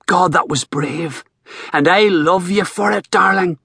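A man's voice: high-pitched, a little slow, vocal fry, pushed and bright, husky, dry recording, studio quality, exaggerated voice. A man voicing an earnest, emphatic young male doctor, in an audiobook.

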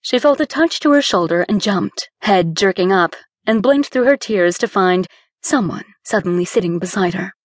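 A woman reading a romance novel aloud as audiobook narrator, with steady storytelling that lifts on key words. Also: mid-range voice, moderate pace, no room sound, studio quality. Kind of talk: scripted narration.

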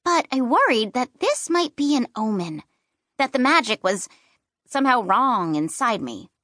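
A woman narrating a children's fantasy book in first person, with playful and expressive storytelling. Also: a little high, unhurried, no room sound, studio quality. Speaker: audiobook narrator.

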